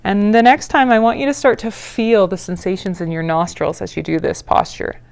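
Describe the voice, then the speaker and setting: A woman teaching a yoga breathing practice in a casual, encouraging way, with playful asides and breathy demonstration sighs. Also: mid-range voice, animated. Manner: breathy sighs and drawn-out ahs while demonstrating. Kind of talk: guided yoga class instruction.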